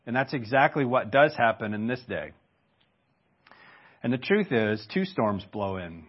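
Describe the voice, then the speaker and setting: A man's voice: mid-range voice, expressive, measured pace, lo-fi sound. A man preaching a sermon in a conversational way, stopping for rhetorical questions and asides. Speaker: pastor.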